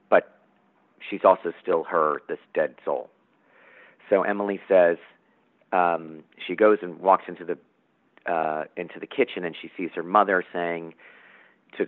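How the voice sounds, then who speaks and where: A man, a guest writer, explaining and reading from a play in a halting way with many pauses and fillers. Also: low voice, no echo. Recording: tinny phone-like line.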